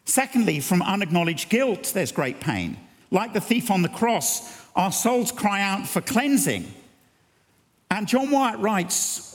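Male preacher, high voice, earnest sermon delivery in a big reverberant church hall. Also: lively intonation, unhurried. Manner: earnest, building to emphatic peaks. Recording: long reverb of a large hall.

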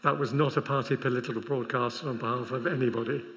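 A man's voice: mid-range voice, fairly even intonation, quick pace, a bit bright. A man preaching a sermon at a large convention, talking conversationally with wry humorous asides. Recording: long reverb of a large hall.

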